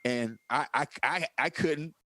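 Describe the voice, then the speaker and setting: In relaxed political conversation, this man, a podcast co-host, recounts stories with emphasis, swearing and animated energy. He speaks at an unhurried pace with a medium pitch.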